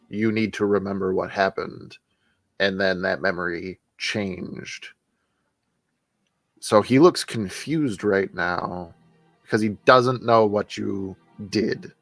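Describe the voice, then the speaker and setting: A low-voiced man who narrates a tabletop game at an unhurried pace. His delivery is loose and easygoing, with plenty of fillers. The recording is dry and close. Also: fairly bright tone, dry recording. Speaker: game master.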